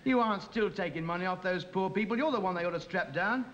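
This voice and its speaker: A man's voice: high-pitched, fast, fairly bright tone. An actor playing an indignant, self-important man who blusters and huffs, in a 1950s radio comedy. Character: indignant, pompous man on a cruise. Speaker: comic lead. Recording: muffled old radio recording with hiss.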